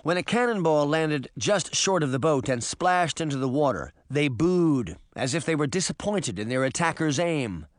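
Guy reading a novel aloud, lively up-and-down voice, dry close mic. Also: on the high side, normal speed, few pauses, no echo. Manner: expressive storytelling. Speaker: audiobook narrator. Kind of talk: scripted narration.

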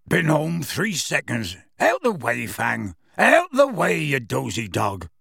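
A man doing a gravelly gruff giant groundskeeper. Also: medium pitch, big pitch swings, a little slow, a bit bright, no room sound, exaggerated voice. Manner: gruff, blustering, dismissive. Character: huge gruff male groundskeeper giant, battered. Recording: dry close recording.

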